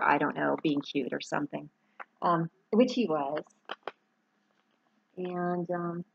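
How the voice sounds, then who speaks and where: A woman's voice: fairly low pitch, creaky, lo-fi sound. A middle-aged woman talking in a rambling, heartfelt personal vlog, getting choked up at times. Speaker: author and dog owner. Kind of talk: personal vlog, showing photos to camera.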